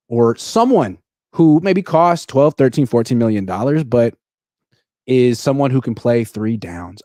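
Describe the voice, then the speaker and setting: A man's voice: medium pitch, dark tone, dry recording, clean studio sound. A man from California co-hosting a casual sports talk livestream, blunt and wry with firm opinions. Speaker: sports podcast co-host.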